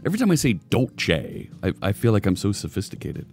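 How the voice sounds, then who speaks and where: A man's voice: fairly low pitch, huge pitch swings, fairly quick, a little mellow, soft background music. A man hosting a casual live coding stream, chatting loosely and joking with viewers as he works. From United States. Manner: rambling, chatty, jokey.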